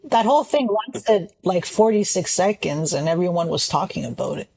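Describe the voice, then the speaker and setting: A woman co-hosting a podcast, chatting casually and pausing on fillers as she gives her picks. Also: fairly low pitch, expressive, creaky, darkish tone. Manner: thoughtful, hesitant with fillers. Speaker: podcast co-host. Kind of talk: casual chat.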